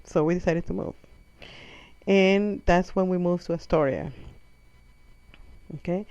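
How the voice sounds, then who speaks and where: A woman's voice: fairly low pitch, measured pace, mellow, dry recording. A woman with a non-native English accent tells a rambling, self-correcting comic story and acts out her mother's lines. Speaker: comedic storyteller. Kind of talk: comic monologue. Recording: muffled lo-fi audio.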